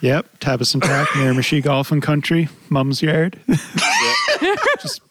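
A man's voice: medium pitch, steady tone, heavy background noise. A man co-hosting a podcast, telling a story among friends at an easy pace and laughing as he goes. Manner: unhurried, laughing through the story. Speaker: podcast co-host.

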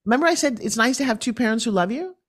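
A woman from New York, a podcast guest, telling her story in an animated and forthright way. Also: fairly high pitch, very fast.

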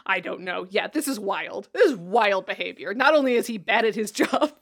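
A woman co-hosting a podcast, chatting casually through a TV episode recap, animated, laughing often and swearing freely. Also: medium pitch, normal speed, gravelly. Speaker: podcast co-host.

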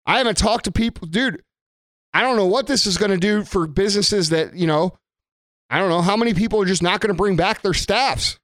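A man's voice: high-pitched, fairly bright tone, dry recording, studio quality. A man giving an angry, blunt rant to camera, swearing heavily and repeating himself for emphasis. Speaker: business owner. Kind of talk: profane political rant to camera.

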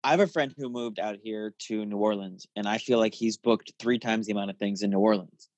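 A man's voice: lowish voice, fairly quick, a little mellow, no echo, lo-fi sound. A man from Tucson, Arizona, hosting a casual chat and telling jokey, laid-back stories.

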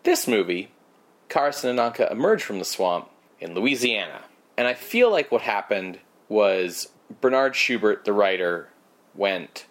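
A man's voice: on the low side, animated, a little slow, fairly bright tone. A man co-hosting a podcast, rambling through a movie recap with lots of fillers and sarcastic asides. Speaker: podcast co-host. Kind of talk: casual movie recap chat.

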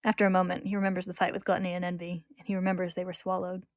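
A woman podcast host recaps a manga in casual narration, laughing often and lifting her voice for quoted lines. Her voice is lowish, monotone and very fast, captured in clean studio sound with no room echo.

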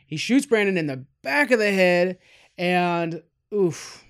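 A man's voice: sits high, expressive, takes it slowly, fairly bright tone, smooth. A man giving a casual, candid film review, rambling with asides and self-corrections. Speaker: movie reviewer.

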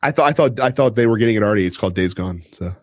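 A man's voice: fairly low pitch, lively intonation, very fast, dry recording, studio quality. A man hosting a podcast in casual chat, acting out quotes and swearing freely. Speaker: podcast host.

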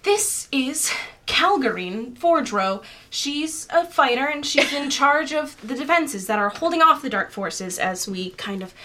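A woman's voice: sits high, expressive, normal speed, pushed and bright, a little hiss or hum, voice pushed up. Woman putting on a fussy, prim temple scholar. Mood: formal. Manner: apologetic, prim, stammers reassurances.

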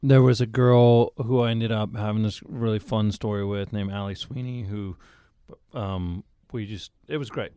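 Middle-aged guy, actor, spinning an animated story, smooth and dry. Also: fairly low pitch, normal speed, no room sound. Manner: animated storyteller, acts out his own panicked inner voice. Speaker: actor guest. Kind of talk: casual interview storytelling.

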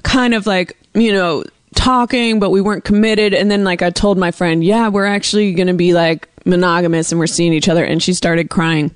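Deadpan sardonic woman podcast host. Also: on the low side, normal speed, few pauses, clear, resonant tone, no echo. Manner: deadpan, sardonic, swears freely. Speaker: podcast host taking calls. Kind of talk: casual comedic call-in chat.

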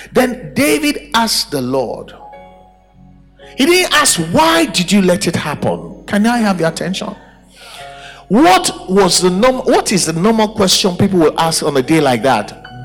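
A man's voice: high voice, sing-song, a little slow, faint music behind. A man preaching a sermon at a church service, emphatic and full of rhetorical questions. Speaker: pastor.

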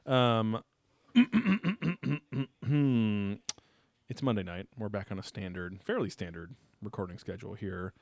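A man's voice: on the low side, slow pace, creaky. A man co-hosting a podcast, chatting casually with dry jokes and frequent fillers. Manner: dry, joking, lots of fillers. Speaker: podcast co-host. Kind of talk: casual chat.

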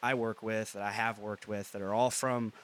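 A man's voice: lowish voice, little pitch movement, normal speed. A man hosting a podcast in casual chat, rambling and chuckling as he jokes around. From US Midwest. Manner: rambling, chuckling, loose and joking. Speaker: podcast host.

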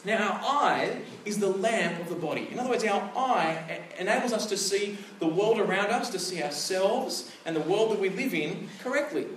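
A man in his thirties, a pastor, delivering a sermon in a conversational, storytelling way with animated asides. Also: sits high, normal speed, few pauses, slight background noise. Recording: echoey room, picked up from a distance.

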